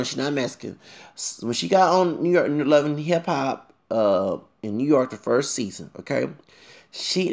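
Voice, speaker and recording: A man's voice: on the high side, vocal fry. A man delivering a rambling, opinionated rant, often asking "okay?" and "you know what I'm saying?". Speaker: commentator. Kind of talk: casual rant.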